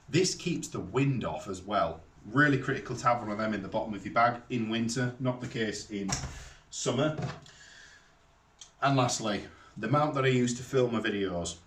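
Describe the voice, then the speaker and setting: Chatty bloke, roomy and off-mic. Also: male voice, mid-range voice, fairly bright tone, recorded from a distance. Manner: chatty, loose and informal, addresses viewers as guys. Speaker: motorcycle vlogger. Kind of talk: casual how-to talk to camera.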